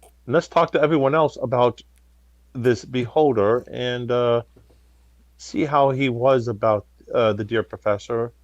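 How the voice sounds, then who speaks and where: A man playing a tabletop game, halting and methodical, asking careful questions, on a dull lo-fi mic. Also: mid-range voice, no room sound. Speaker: player. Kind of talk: tabletop role-play.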